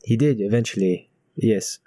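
A man's voice: lowish voice, normal speed, mellow, no room sound, close to an everyday voice. A man voicing a grave young man in a tabletop role-play, with a put-on African accent that drifts French and formal speech. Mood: dry. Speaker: player voicing his character.

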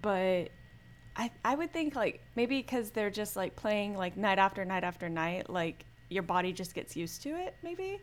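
A woman's voice: medium pitch, sing-song, a little slow. A woman co-hosting a podcast in casual chat, easygoing and agreeable, with frequent fillers. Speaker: podcast co-host.

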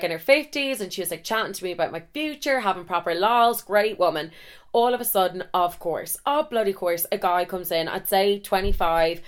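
A woman's voice: lowish voice, clear, resonant tone. A woman in her twenties with an Irish accent, telling funny stories on her podcast in a chatty, swearing, self-deprecating way. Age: 20s. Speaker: podcast host. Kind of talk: casual storytelling monologue.

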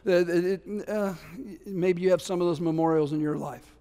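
A man preaching in a fairly high voice, animated and conversational, playing out the voices in the scripture and drifting into casual asides. His words ring out with a long reverb, like a large sanctuary. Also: moderate pace, clean tone. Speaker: pastor. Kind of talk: sermon.

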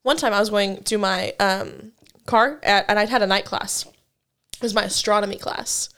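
A woman's voice: mid-range voice, normal speed, a bit bright. A young woman in her twenties, a podcast co-host telling a story in casual chat, laughing often.

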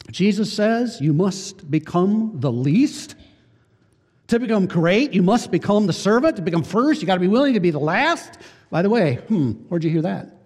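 A man's voice: high-pitched, darkish tone, long reverb tail. A man preaching a sermon as pastor, emphatic, repeating key phrases and putting rhetorical questions to the congregation.

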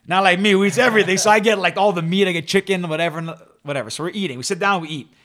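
A man's voice: high voice, very fast, a bit bright. A young man co-hosting a podcast, casually telling a funny travel story and acting out the quotes with laughs. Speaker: podcast co-host.

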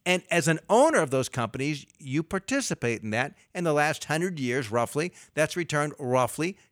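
A middle-aged man, a financial advisor, explaining investing on a radio talk show in a lively way with everyday analogies. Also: fairly high pitch, moderate pace, dry recording, clean studio sound.

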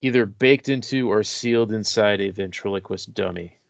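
Deadpan podcast man, low and muffled. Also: moderate pace, vocal fry, no room sound. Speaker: podcast co-host. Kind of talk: casual chat.

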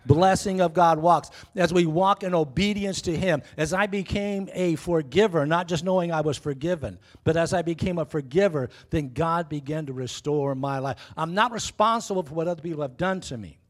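A man's voice: a little high, fairly quick, hardly any pauses. Exuberant older male pastor. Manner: jokey and exuberant, with sudden whoops. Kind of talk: lively church sermon and welcome. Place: church sanctuary.

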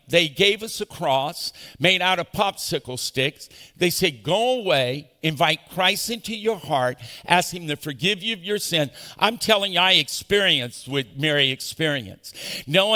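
A male pastor preaching an animated sermon, calling on the congregation to answer back. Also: sits high. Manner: animated preaching with call-and-response. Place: large church auditorium. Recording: echoey church hall.

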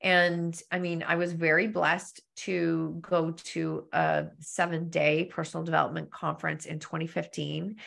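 A woman's voice: low voice, level tone, a little slow, gravelly, hardly any pauses, a bit bright. A woman guest on a live-stream interview, talking earnestly and candidly through personal anecdotes over a remote call mic. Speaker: guest, storytelling business coach.

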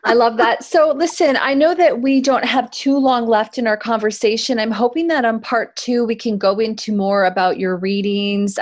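A woman hosting a spiritual podcast, asking her guest questions in an upbeat, encouraging way. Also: medium pitch. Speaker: podcast host. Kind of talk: interview questions.

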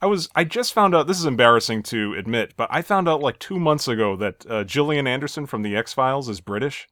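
A man's voice: mid-range voice, animated, a little fast, fairly bright tone, no echo. Easygoing American man, dry sound. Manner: easygoing, chuckles often, hedges with "I think". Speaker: podcast host. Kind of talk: casual chat.

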